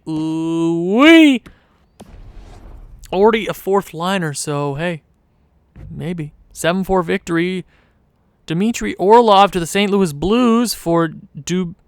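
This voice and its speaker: A man thinking aloud in casual gameplay commentary, rambling and hesitant, often restarting, then breaking into sudden excited outbursts. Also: high voice, gravelly, clear, resonant tone, dry recording. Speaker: gaming channel host.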